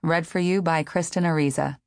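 Low-voiced woman reading an audiobook. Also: steady tone, a little mellow, dry recording, clean studio sound. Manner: measured, unhurried reading. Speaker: audiobook narrator. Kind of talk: scripted literary narration.

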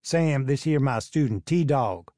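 A man voicing a loud, bossy teenage boy with a thick Southern US twang. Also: mid-range voice, animated, takes it slowly, no room sound, clean studio sound. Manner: bossy, snapping. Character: loud swaggering country teen boy.

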